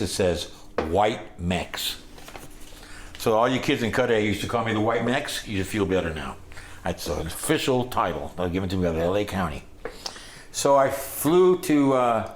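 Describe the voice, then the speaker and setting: A man's voice: deep voice, slight background noise. Older man telling tales in a roomy echo. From Los Angeles, United States. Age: 60s. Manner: rambling, animated voices for quoted people. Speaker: storyteller. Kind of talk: casual personal storytelling.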